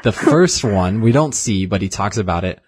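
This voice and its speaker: A man's voice: on the low side, expressive, normal speed, a little mellow, breathy edge, no echo, clean studio sound. A man hosting a casual movie podcast, chatty, retelling scenes and quoting lines as he goes. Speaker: podcast host.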